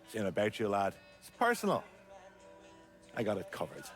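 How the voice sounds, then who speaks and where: An actor with a Belfast Irish accent playing a foul-mouthed, blunt Irish crime boss in a video game, with music behind. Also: male voice, on the low side, huge pitch swings, moderate pace. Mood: gruff, scheming. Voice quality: heavy profanity, blunt.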